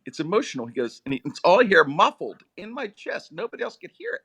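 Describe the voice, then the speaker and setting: A middle-aged man, a radio personality, telling comic stories in a lively, animated way. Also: fast talker, breathy edge. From Pittsburgh area, USA. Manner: lively, comic, with big swings in pitch. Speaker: radio personality and podcast host, guest. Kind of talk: animated storytelling.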